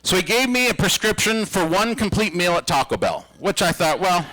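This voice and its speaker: A man in his fifties performing a stand-up comedy routine, telling stories with a playful, animated delivery. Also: sits high, fairly quick, a little hiss or hum, rough recording. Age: 50s.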